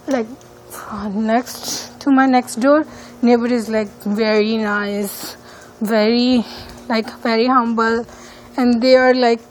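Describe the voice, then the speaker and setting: A woman's voice: fairly high pitch, a little hiss or hum, poor audio. A female student speaking English as a second language, talking hesitantly with many fillers while walking outdoors around her neighborhood and filming on a phone. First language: not English. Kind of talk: casual walking-tour vlog.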